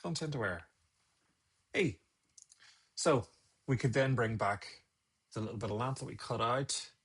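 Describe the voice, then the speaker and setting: A man's voice: mid-range voice, a little slow, fairly bright tone, breathy edge. A man, a photographer teaching photo editing on a live stream, muttering his steps aloud and scolding himself. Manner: muttering, self-scolding, chatty asides.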